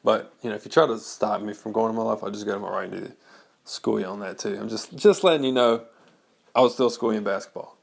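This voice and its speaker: A blogger in his thirties with a lowish, gravelly voice talks fast in a casual personal monologue to his audience. He rambles, with many fillers and restarts.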